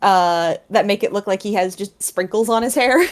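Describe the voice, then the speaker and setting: A woman narrating a tabletop role-playing game as game master, relaxed with many fillers. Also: mid-range voice, normal speed.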